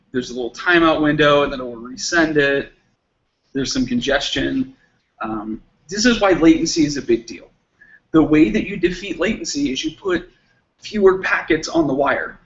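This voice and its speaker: A man with a slightly higher voice gives a relaxed technical talk at a meetup. He leans on everyday analogies and acts out both sides of short exchanges. The recording sounds a bit muffled. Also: moderate pace, vocal fry. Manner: explains with everyday analogies and acted-out dialogue. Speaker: meetup speaker.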